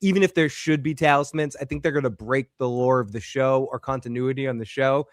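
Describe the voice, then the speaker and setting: A man's voice: medium pitch, fairly even intonation, brisk, no echo. Male host, live reaction stream; clean resonant voice, dry close recording. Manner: reads viewer comments aloud. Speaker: show host.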